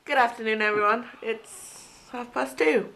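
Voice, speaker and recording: Speaking at a moderate pace in a slightly high, creaky, fairly bright voice, this young Cheshire vlogger tells a story in casual conversation. She giggles often as she goes.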